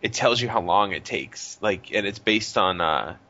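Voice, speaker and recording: A man's voice: on the low side, normal speed, lo-fi sound. A man co-hosting a podcast in casual chat, rambling and swearing freely. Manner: animated, profane, rambling. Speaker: podcast co-host.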